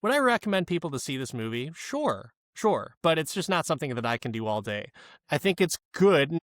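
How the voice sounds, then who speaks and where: A man's voice: on the high side, big pitch swings, brisk, a bit bright, dry recording, studio quality. A man co-hosting a podcast, chatting casually about a movie in rambling sentences and swearing freely when he gets going. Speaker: podcast co-host. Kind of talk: casual movie-review chat.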